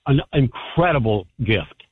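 A man calling in to a radio talk show. He speaks warmly and with gratitude, in a mid-pitched voice. He comes through a tinny phone line. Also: lively intonation, measured pace, slightly rough, dry recording. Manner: warm, grateful, heartfelt father. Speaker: caller.

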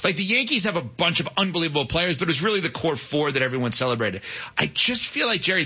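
A man's voice: a little high, sharp tone, husky, dull audio. A man hosting a talk show, speaking with enthusiasm. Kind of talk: casual chat.

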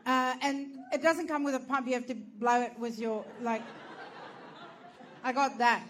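A woman's voice: high-pitched, fairly even intonation, measured pace, fairly bright tone, slight background noise. A woman telling a brash, profane, self-mocking stand-up story, laughing through her lines. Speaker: stand-up comedian.

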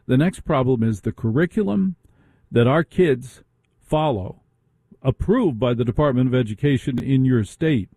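A man's voice: medium pitch, expressive, normal speed, dark tone, dry recording. A man hosting a radio talk show, ranting through a monologue full of rhetorical questions.

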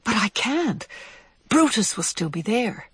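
A reader voicing a timid but determined mother mouse who speaks softly and hesitantly. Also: mid-range voice, very animated, a little slow, slightly rough, dry recording, pitched above the performer's own voice, full character voice. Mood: doubtful. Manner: soft, hesitant.

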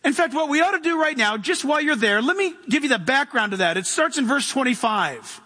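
A man's voice: extremely high pitch, lively intonation, fairly quick, sharp tone. A man preaching an impassioned sermon in a church, reading scripture and asking the congregation questions. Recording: long hall reverb.

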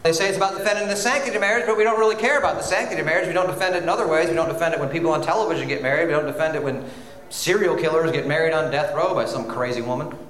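A man's voice: on the high side, a bit bright. Sarcastic male comic in an echoey club. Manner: quick, incredulous, sarcastic. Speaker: stand-up comedian. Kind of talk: stand-up comedy. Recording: noisy, echoey club recording.

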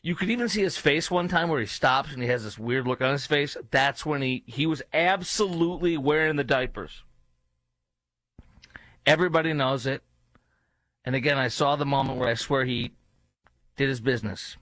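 A man's voice: medium pitch, normal speed, long pauses, a bit bright, dry recording. A male talk show host giving opinionated commentary in a sarcastic, mocking manner, with rambling asides.

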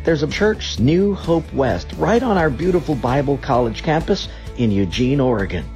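A male pastor reading a scripted invitation to his church in a warm, inviting way. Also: medium pitch, animated, moderate pace, soft background music. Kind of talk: scripted promo.

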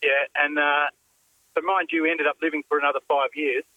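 Halting man caller. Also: fairly high pitch, flat delivery, dry recording, narrow, tinny audio. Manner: halting, filler-heavy with many "uh"s. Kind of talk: phone-in storytelling. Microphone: phone line.

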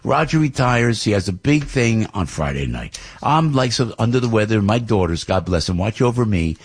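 Older male radio host, New Jersey accent, husky and a bit low, animated storyteller. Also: normal speed. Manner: rambling storytelling, animated, many restarts. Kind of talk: morning radio monologue.

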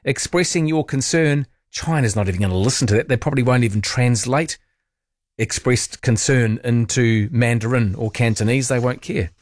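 A man's voice: mid-range voice, moderate pace, no room sound, studio quality. A man hosting talkback radio, chatty and opinionated, musing aloud with playful asides.

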